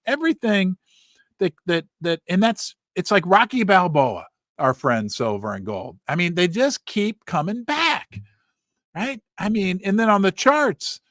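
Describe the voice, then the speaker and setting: Middle-aged guy hosting a livestream, high lively voice, dry close sound, rattling off viewer names. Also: dry recording. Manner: animated, reads viewer names aloud in quick bursts. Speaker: livestream host. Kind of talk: casual livestream chat.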